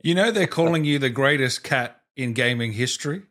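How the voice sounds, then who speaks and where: A man interviewing a guest over a video call, his pitch rising and falling a lot. He is friendly, laughs along, and keeps the chat casual. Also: lively intonation, brisk, fairly bright tone. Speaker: interviewer host.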